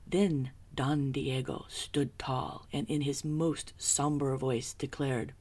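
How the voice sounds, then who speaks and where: A woman narrating a children's picture book in a hushed, husky, whispery voice. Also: very deep voice, level tone. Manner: slow, hushed, whispery storytelling.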